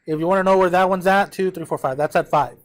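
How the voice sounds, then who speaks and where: A man's voice: sits high, fast talker. A man teaching a math class, walking students through a graph step by step, counting numbers aloud and often checking that they follow.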